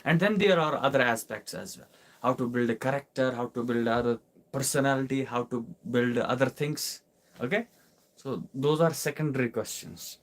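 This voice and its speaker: A man's voice: mid-range voice, moderate pace. A young man from Kashmir with an Indian accent, an English teacher answering viewer questions in a live class, explaining with repeated rhetorical questions.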